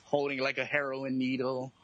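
A man's voice: mid-range voice, completely flat delivery, moderate pace, a bit bright, muffled recording. A man on a comedy podcast, cracking goofy, absurd jokes in casual chat.

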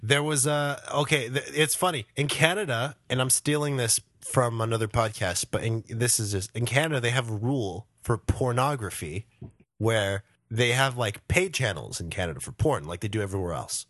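A laid-back male podcast co-host in casual chat, reading news stories aloud between jokes. His pitch sits in an ordinary middle range. The recording is dry and close. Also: expressive, normal speed, a bit bright, dry recording.

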